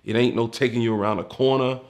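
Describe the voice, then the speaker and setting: A gravelly-voiced retired homicide detective from Washington, DC, casually recounts his career, candid and profane, acting out the people he quotes. His voice is medium-pitched and darkish, with fairly even intonation and a quick pace.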